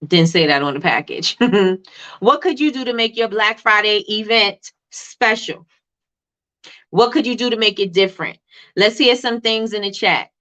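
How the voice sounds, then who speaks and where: A woman hosting a live coaching stream for small business owners, talking fast, repeating herself and answering the chat as she goes. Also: mid-range voice, lively intonation, a bit bright.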